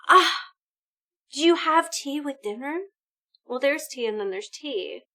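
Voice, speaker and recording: A woman live streaming a video game, chatting casually with her viewers in an animated, exclamatory way. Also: high voice. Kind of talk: casual gaming stream chat.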